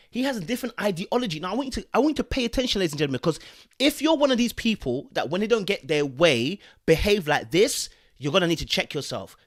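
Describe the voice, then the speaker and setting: A man's voice: high voice, a bit bright. Emphatic man with a light voice. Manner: preachy, emphatic, full of slang and check-ins. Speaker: podcast host. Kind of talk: opinionated podcast commentary.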